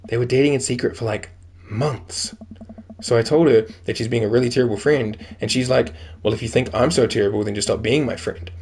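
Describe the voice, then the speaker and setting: A man's voice: medium pitch, fairly quick, darkish tone, slightly rough. A man voicing a hurt, sulky teenage girl. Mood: indignant.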